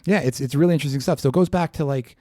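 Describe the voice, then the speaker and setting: A man, a chiropractor guest in a casual podcast interview, talking quickly and eagerly with frequent restarts. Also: fairly high pitch, no echo, studio quality. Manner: fast, animated storytelling with repeated restarts. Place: podcast studio.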